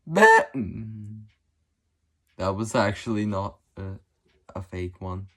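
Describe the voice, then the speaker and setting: Brief: woman vlog host, casual and giggly, slow unhurried delivery with a lively, swooping pitch. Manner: giggly, playfully trying out odd voices. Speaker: channel host. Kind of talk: casual solo vlog chat.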